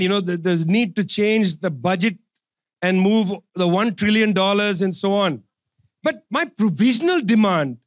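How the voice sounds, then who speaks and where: A man's voice: sits high, fairly bright tone, no room sound, clean studio sound. A man giving an impassioned political speech, sarcastic and emphatic, hammering points home through repetition. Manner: sarcastic, emphatic, repeats phrases. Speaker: public speaker.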